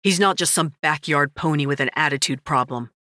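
A stern male ranch owner who guards his horses fiercely and speaks curtly through his teeth, as a woman reads him. The voice sits low and is heard close and dry, with no room sound. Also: a little fast, pushed and bright, no echo. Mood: stern scolding.

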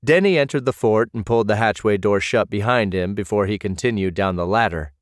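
A man narrating an audiobook in a measured, even manner. His voice sits on the low side. The recording is close and completely dry. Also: no echo. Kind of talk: scripted narration.

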